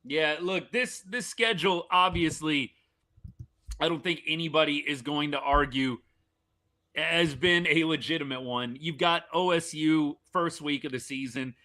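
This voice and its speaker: In a slightly high, unhurried voice, a man streams his live reaction to a college football game. He talks casually and with animation, taking sides as a fan and often starting over mid-thought.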